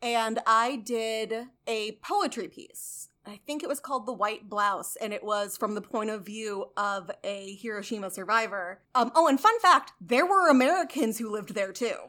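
A woman's voice: fairly high pitch, normal speed, few pauses, pushed and bright. A woman co-hosting a podcast, chatty and asking questions, saying "like" a lot. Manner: chatty, asks questions, fills with "like". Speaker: podcast co-host. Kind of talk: casual podcast chat.

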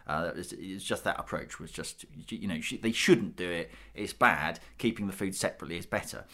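A man's voice: low voice, fairly quick, bright, forceful tone. A middle-aged British man in a panel discussion, thinking aloud with frequent restarts. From Britain. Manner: thoughtful, restarts often. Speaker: panel guest.

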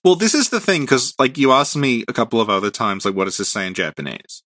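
A man's voice: medium pitch, animated, quick pace, fairly bright tone, dry recording. A man co-hosting a podcast, explaining game lore patiently in casual chat and laughing often. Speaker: podcast co-host.

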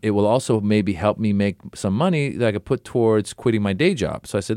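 A man's voice: fairly low pitch, brisk, a little mellow, dry recording, studio quality. A middle-aged man, a comedian and actor, telling casual anecdotes as an interview guest and acting out other people's lines. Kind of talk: casual conversational storytelling.

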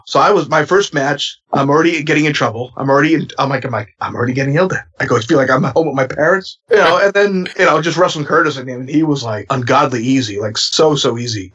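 A man's voice: fairly high pitch, fairly bright tone, breathy edge. A middle-aged man, a former wrestler, telling stories as a podcast guest in a rambling, profane way with lots of fillers. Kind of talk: casual interview storytelling. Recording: dull lo-fi podcast audio.

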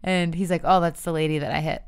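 A chatty woman in her thirties co-hosting a podcast. She rambles through animated stories full of fillers, in a smooth, clear voice that sits fairly low. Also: quick pace. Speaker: podcast co-host. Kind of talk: casual chat.

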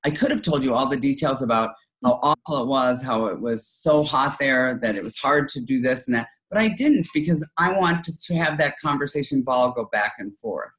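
A woman's voice: very deep voice, normal speed, few pauses. A middle-aged woman, an author as interview guest, giving conversational advice and acting out example dialogue. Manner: lively, acts out quoted dialogue in other voices.

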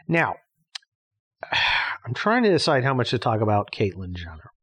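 A man hosting his own podcast, holding forth alone in a blunt, sarcastic rant. He swears freely and trips over his own sentences, restarting them as he pushes his point. His pitch sits in the middle for a man. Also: huge pitch swings, unhurried, long pauses, a bit bright, breathy edge. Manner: blunt, sarcastic, profane ranting with frequent restarts. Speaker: podcast host. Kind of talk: casual monologue.

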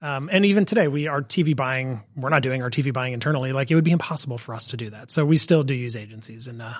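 A man, a company co-founder and CEO, answering interview questions in a measured, explanatory way with frequent fillers. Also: mid-range voice, no room sound, clean studio sound. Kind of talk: conversational podcast interview.

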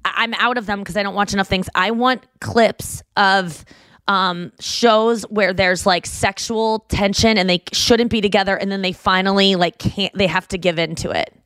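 A woman's voice: mid-range voice, fairly even intonation, normal speed, fairly bright tone, clean tone, no echo. Young woman podcast host, talkative and rambling, dry studio sound. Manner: rambling, lots of fillers, acts out quotes. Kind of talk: casual podcast chat.

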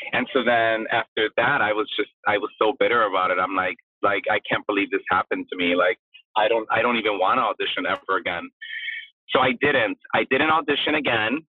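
A man with a husky, breathy voice tells a long story as a guest, his pitch sitting in the middle of the range for a man. He is animated, acts out each quote, and keeps tossing in "blah, blah, blah." The sound is dry and thin, like a phone line. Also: no room sound. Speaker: guest, drag performer. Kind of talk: casual storytelling interview.

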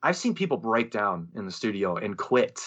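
A man on a podcast telling a story in a lively, casual way, swearing and acting out what others said. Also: lowish voice, normal speed, breathy edge, lo-fi sound. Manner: animated storyteller, swears freely, acts out quoted voices. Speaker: podcast co-host, musician.

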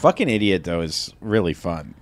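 A man co-hosting a podcast in casual chat, wry and quick to laugh. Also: deep voice, very animated, dry recording. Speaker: podcast co-host.

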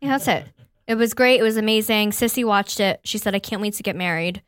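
A woman's voice: mid-range voice, brisk, fairly bright tone, clear, resonant tone, dry recording, studio quality. A woman in her thirties co-hosting a podcast, chatting in a bubbly, blunt way and swearing freely. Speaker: podcast co-host. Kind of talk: casual chat.

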